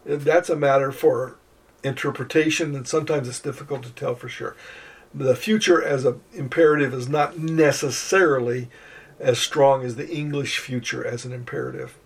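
Husky older man teaching grammar. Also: mid-range voice, steady tone. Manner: measured, slows to spell out Greek words, some restarts. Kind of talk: recorded lecture.

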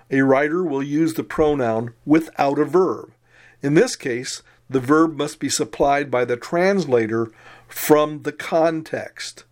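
A man teaching a recorded Greek grammar lesson, methodically reciting and explaining word forms. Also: mid-range voice.

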